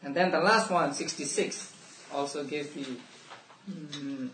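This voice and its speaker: A man teaching a Buddhist text to a study class, explaining slowly with restarts and soft laughs. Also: fairly high pitch. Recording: roomy, distant mic, faint room noise.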